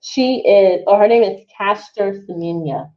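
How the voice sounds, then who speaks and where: A woman talks casually to her live viewers, stopping and restarting her sentences and breaking into exclamations. Her voice sits at an ordinary middle pitch. The recording sounds slightly dull and lo-fi. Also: unhurried. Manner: rambling, many restarts, exclaims and reacts emotionally. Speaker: livestream host.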